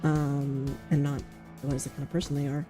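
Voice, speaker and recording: A woman streamer chatting casually and rambling on, blunt and quick to swear. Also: deep voice, flat delivery, mellow, soft background music. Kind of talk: casual livestream chat.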